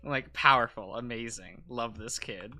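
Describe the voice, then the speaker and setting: A man's voice: medium pitch, unhurried, bright, forceful tone, faint music behind. A male streamer chatting casually and rambling with frequent laughs while he draws.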